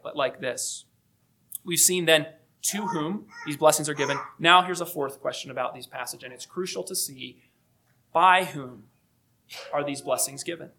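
Male pastor, slightly high voice, deliberate emphatic sermon delivery. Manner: measured, emphatic, slowing on key phrases. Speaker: preacher.

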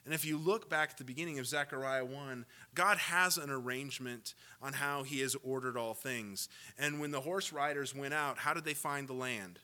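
A man preaching a sermon, with sarcastic asides and rising, impassioned build-ups to loud peaks. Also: mid-range voice, moderate pace, hardly any pauses. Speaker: pastor.

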